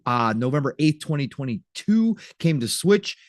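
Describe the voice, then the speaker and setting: A man's voice: fairly high pitch, sing-song, moderate pace, no room sound, studio quality. A man co-hosting a podcast, reading out game release news in a chatty, upbeat way. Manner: chatty, upbeat, breaks into playful mock voices. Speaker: podcast co-host.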